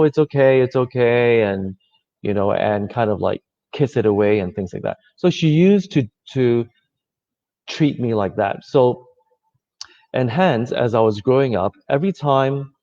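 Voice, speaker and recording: A man giving a reflective talk, speaking gently and conversationally, with many fillers. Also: medium pitch, normal speed. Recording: slightly dull lo-fi audio.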